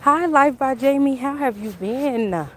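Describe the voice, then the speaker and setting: A woman chatting on a casual walk-and-talk livestream outdoors, talking in an animated way and answering viewers' comments. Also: high-pitched, measured pace, a little hiss or hum. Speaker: livestream vlogger.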